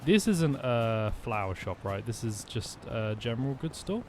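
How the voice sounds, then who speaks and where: A man's voice: medium pitch, very animated, measured pace, noisy background. A man streaming a video game, chatting casually and rambling through jokey asides as he plays. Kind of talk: casual gameplay commentary.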